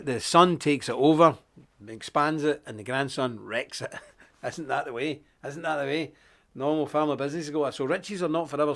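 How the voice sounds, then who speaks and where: A man's voice: a little high, a bit bright. A man presenting a daily live stream, chatting casually, greeting viewers one by one and reading scripture with preachy emphasis. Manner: chatty, self-deprecating, greets viewers one after another.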